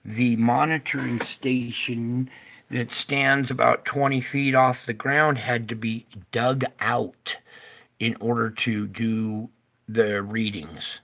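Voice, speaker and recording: Slow, gravelly-voiced man. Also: medium pitch, fairly even intonation, bright, forceful tone. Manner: slow, stop-start talk, praying aloud and muttering when things go wrong. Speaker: livestream weather presenter. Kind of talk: casual live-stream weather commentary.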